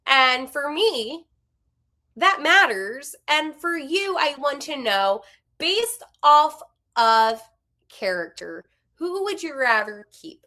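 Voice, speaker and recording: Bright-voiced woman hockey podcaster. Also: high voice. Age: 20s. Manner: animated, candid, quick asides with laughs. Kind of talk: casual opinionated commentary.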